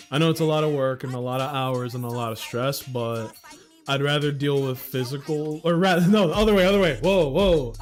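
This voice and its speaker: A man in his thirties from New York talks on a livestream in a loose, rambling way, swearing casually. His pitch sits at an ordinary middle for a man. Soft music plays faintly behind him. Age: 30s. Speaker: livestream host.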